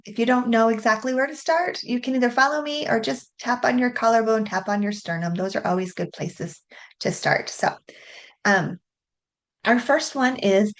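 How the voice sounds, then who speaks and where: A woman leads a guided tapping session in a calm, even voice. She says each affirmation three times in a steady rhythm and lets her voice grow quiet and slow as it goes on. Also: fairly high pitch. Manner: softens and slows toward a quiet hush. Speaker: tapping coach.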